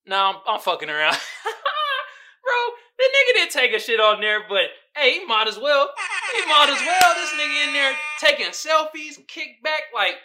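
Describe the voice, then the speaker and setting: A man's voice: extremely high pitch, big pitch swings, moderate pace, bright, forceful tone. A man hosting a podcast, talking in a loose, profane commentary monologue and slipping into quoted voices of other people. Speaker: podcast host.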